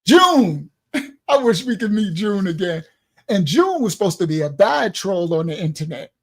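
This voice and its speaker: High-voiced man preaching with streetwise warmth. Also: normal speed. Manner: animated, streetwise, laughing while he tells stories. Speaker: ministry leader. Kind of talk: livestream preaching to his congregation.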